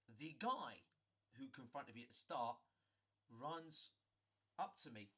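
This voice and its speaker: A man telling a story in a vlog, emphatic and animated, often restarting his sentences. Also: medium pitch, slow pace, pauses often, breathy edge. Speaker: gaming video creator.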